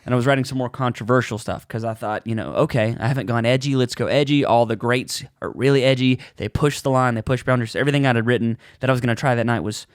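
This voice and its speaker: Animated male comedian, dry close mic, chatty storyteller who jumps into voices. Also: mid-range voice, fast talker, hardly any pauses, no room sound. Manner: animated, acts out voices in his stories. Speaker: podcast co-host, comedian. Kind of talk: casual storytelling chat.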